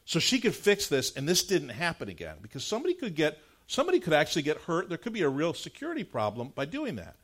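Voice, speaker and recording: A middle-aged man preaching from the pulpit, slipping easily into chatty, story-driven talk full of casual fillers. His pitch sits a touch high and leaps around a lot, rising sharply at the funny moments and settling lower for the earnest parts. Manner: animated conversational storytelling, frequent "like" fillers; earnest, measured prayer closing the sermon. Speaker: pastor. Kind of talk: sermon with personal anecdote.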